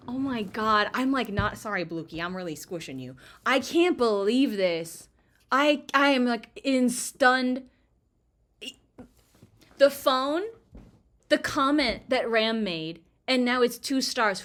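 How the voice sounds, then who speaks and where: A young woman streaming a video game, reacting with excited, swearing, laughing commentary. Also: a little high, slow pace. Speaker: gaming streamer. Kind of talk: excited casual let's-play commentary. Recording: game music under voice. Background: game music.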